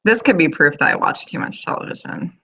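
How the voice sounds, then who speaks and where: A woman's voice: low-pitched, expressive, a little fast, pushed and bright, husky. A woman in her thirties hosting a casual video chat from home, rambling with lots of fillers. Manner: chatty, rambling, full of fillers. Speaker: host of a live video chat.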